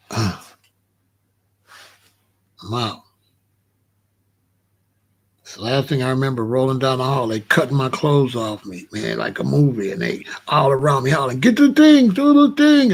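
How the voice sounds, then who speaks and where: A man hosting his own show, telling a personal story with lively, laughing delivery. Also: mid-range voice. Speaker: show host.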